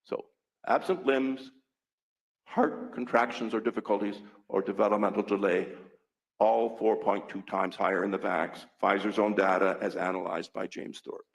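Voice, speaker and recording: An older man with a low, gravelly voice testifies as a physician at a public hearing. He speaks earnestly and with emphasis, a little short of breath, and he hammers key points home by repeating them. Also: steady tone, moderate pace, rough recording.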